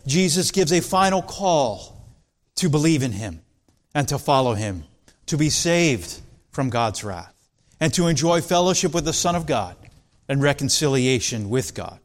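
A man's voice: on the high side, very animated, measured pace. A man preaching an expository sermon, earnest and building intensity when quoting scripture. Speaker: pastor.

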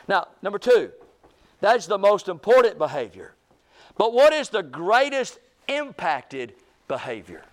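A man preaching an evening sermon in church, swinging between loud bursts and quiet low stretches.

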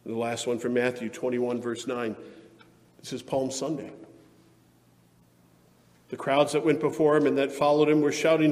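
A man's voice: mid-range voice, little pitch movement, normal speed, long pauses, darkish tone, in a large hall. A man pastor preaching a sermon in an earnest, emphatic way that rises into fervent passages.

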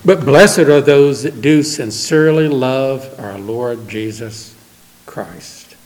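A man preaching a sermon as pastor, earnest, swinging between emphatic lines and hushed ones. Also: medium pitch, slow pace. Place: church sanctuary. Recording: long reverb of a church hall.

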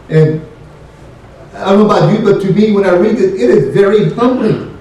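A man's voice: high-pitched, normal speed, dark tone. A man preaching a sermon, emphatic and questioning, repeating key phrases to his congregation. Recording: very echoey room, voice from a distant mic.

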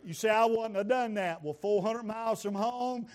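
A male preacher, telling a folksy, humorous story in a sermon and building to shouted praise. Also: high-pitched, normal speed.

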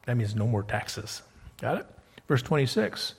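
A man preaching a sermon, telling a Bible story in a conversational way and reading scripture aloud with loud, emphatic peaks. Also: medium pitch, big pitch swings, a little slow, creaky, long pauses, husky, long reverb tail.

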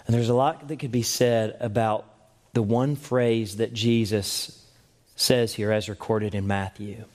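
A man's voice: fairly low pitch, fairly even intonation, a little slow, darkish tone. A man preaching a sermon in an earnest, emphatic way, with rhetorical questions to the congregation.

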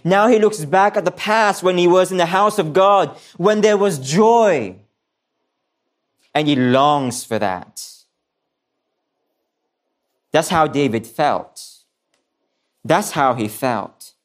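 A man preaching a sermon, earnest and repeating key phrases for emphasis, sometimes restarting his words. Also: on the high side. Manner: restarts and stumbles on some words.

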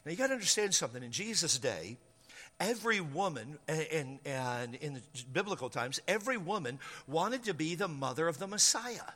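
A male pastor preaching a storytelling sermon, animated and acting out scenes, in an echoey church hall. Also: on the high side, a little fast.

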